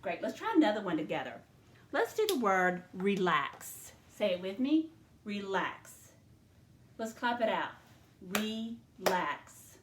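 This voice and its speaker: A woman teaching a second grade phonics lesson, slowly sounding out syllables in a clear teacher voice. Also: mid-range voice, sing-song, echoey room, a little hiss or hum.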